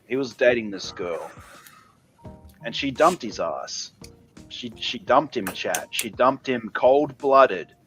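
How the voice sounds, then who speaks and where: A man's voice: medium pitch, a bit bright, rough recording. Profane, rambling Australian man, tipsy. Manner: crude, heavily profane, rambling. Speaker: guest. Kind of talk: casual storytelling.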